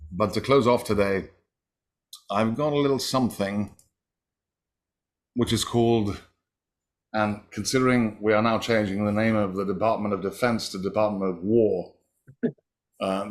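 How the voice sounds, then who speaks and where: A man co-hosting a livestream poetry series, making announcements and reading a poem in an unhurried, dry way over a video call. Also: lowish voice. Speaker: co-host.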